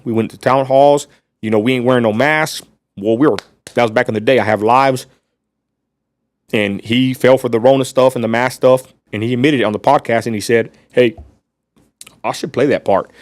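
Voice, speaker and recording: A blunt West Texas man rants on his livestream and keeps turning back to his viewers. His voice sits at a middle pitch. The sound is dry and close, with no room echo. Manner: blunt, ranting, addresses viewers as y'all. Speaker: livestream host. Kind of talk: casual livestream rant.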